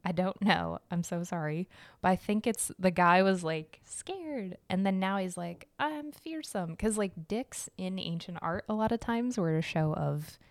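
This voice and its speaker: A woman's voice: on the low side, unhurried, clean tone, no echo. A young woman with a Midwestern American accent, hosting a casual art history podcast with a chatty, giggly, self-deprecating manner. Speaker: podcast host.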